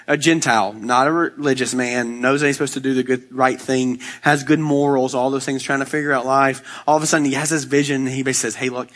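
A man's voice: medium pitch, a bit bright. A male pastor preaching a sermon, reading scripture and explaining it in a casual, conversational way, acting out the quotes.

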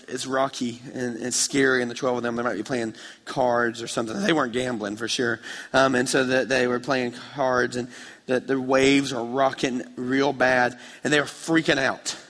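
A man preaching a sermon with passion, moving between quiet, intimate passages and loud, fervent ones as he tells a story. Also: mid-range voice, steady tone, moderate pace. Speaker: pastor. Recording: reverberant hall.

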